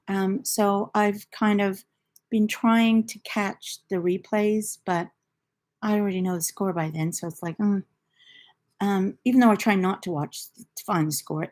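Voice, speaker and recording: A woman's voice: mid-range voice, darkish tone. An older woman from the United Kingdom, hosting a knitting livestream in a rambling, chatty storytelling way. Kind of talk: casual chat.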